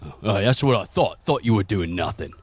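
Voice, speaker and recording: A man's voice: low-pitched, expressive, a little fast, slightly rough, no echo. A man voicing a suspicious male prison guard who questions prisoners curtly. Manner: interrogating, curt.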